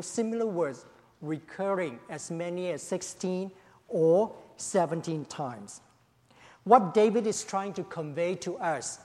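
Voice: mid-range voice, darkish tone. An emphatic pastor preaching a sermon after an opening prayer. The speaker hammers home key phrases by repeating them and leans on "you know" between thoughts. The voice rings out with a long reverb tail, as in a large church hall.

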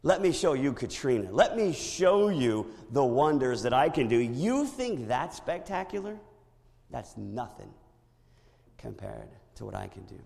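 A man voicing an all-powerful, unimpressed God, speaking slowly and dismissively in a deep tone. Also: very animated, gravelly, a little mellow, long reverb tail.

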